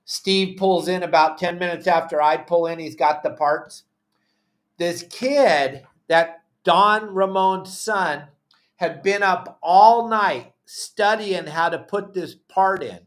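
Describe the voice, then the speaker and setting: A man's voice: high-pitched, slow. A man with a Southern Californian accent, casually telling a long story on a podcast and acting out what others said. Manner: animated, acts out quotes of others.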